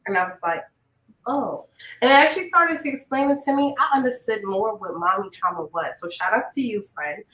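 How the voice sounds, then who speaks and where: A woman hosting a podcast in casual chat, animated and blunt, swearing freely and laughing often. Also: mid-range voice, fairly quick, hardly any pauses, roomy sound, poor audio. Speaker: podcast host.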